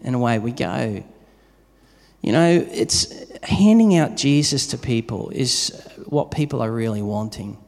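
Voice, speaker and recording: A man's voice: medium pitch, expressive, a little slow, gravelly, a little mellow. Preaching man in an echoey hall. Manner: conversational preaching with everyday stories. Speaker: pastor. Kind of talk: sermon. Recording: long reverb of a large hall.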